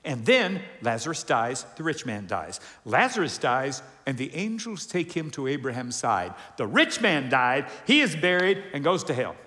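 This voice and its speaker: A man preaching a sermon to a congregation, animated, asking questions and acting out voices. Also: medium pitch, moderate pace, hardly any pauses. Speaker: pastor. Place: large church hall with congregation. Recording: long hall reverb.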